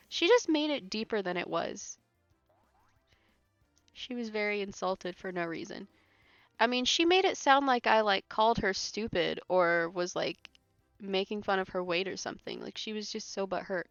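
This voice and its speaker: A woman's voice: mid-range voice, fairly bright tone, dry recording. A woman chats loosely while she plays a game on stream, her talk full of fillers and frequent laughter. The recording is dry and a little muffled, with faint music underneath. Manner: laughs often, rambling with many fillers. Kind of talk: casual chat while playing a game live.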